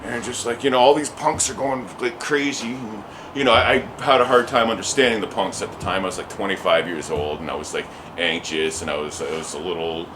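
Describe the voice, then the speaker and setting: A man's voice: fairly low pitch, steady tone, a little fast, noisy background. A man, a musician telling a story in an interview, rambling with many restarts and casual swearing. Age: 40s.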